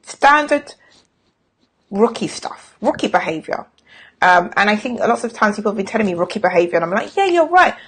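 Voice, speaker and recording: A woman's voice: medium pitch, fast, breathy edge. A middle-aged woman talking casually on a live stream as a sales coach, frank and chatty, with self-mocking jokes.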